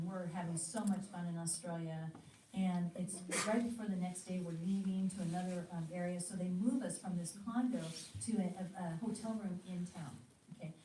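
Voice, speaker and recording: A woman's voice: fairly low pitch, dark tone, slight background noise. An American woman giving a teaching talk, telling stories animatedly and acting out her own quoted thoughts. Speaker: ministry teacher. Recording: echoey room, mic at a distance.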